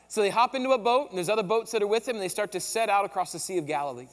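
A pastor delivers a sermon with a notably high voice, retelling the story in a casual, lively way full of slang. His voice carries a long reverb tail from a large hall. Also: quick pace, hardly any pauses.

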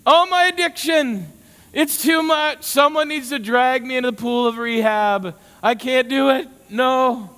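Casting: man acting out a high, whining, self-pitying guy who wallows, with long hall reverb. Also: unhurried, fairly bright tone, clean tone. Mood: whiny. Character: whiny self-pitying man, full of excuses.

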